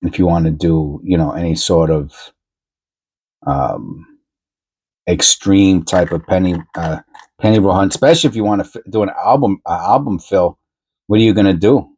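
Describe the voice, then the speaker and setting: A man hosting his own coin hunting video, talking casually and rambling as he goes, often repeating himself and correcting himself mid-sentence with excited asides. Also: low-pitched, moderate pace, husky. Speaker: coin roll hunting channel host. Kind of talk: casual chat while searching coins.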